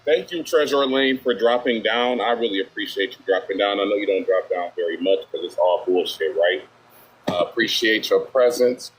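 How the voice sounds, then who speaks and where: A man's voice: lowish voice, moderate pace, slight background noise, low-quality recording. Slangy male streamer thanking donors. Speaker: streamer reacting to a video. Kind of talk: casual live-stream chat.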